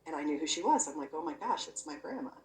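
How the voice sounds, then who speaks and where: A woman with a low, gravelly voice shares her personal story, earnest and chatty, leaning on "you know" as she goes. She sounds set back from the mic in an echoey room. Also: lively intonation, fast, a little mellow, far from the mic. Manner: earnest, conversational, full of "you know" and "I'm like". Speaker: guest sharing a near-death experience. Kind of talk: personal testimony, casual storytelling.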